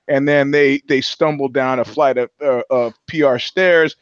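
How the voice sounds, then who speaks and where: A man's voice: medium pitch, steady tone, a little slow, clean tone, no echo, dull audio. A man in casual comedic podcast chat, rambling and profane, restarting his sentences often. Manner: rambling, profane, full of restarts and put-on voices. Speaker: podcast co-host.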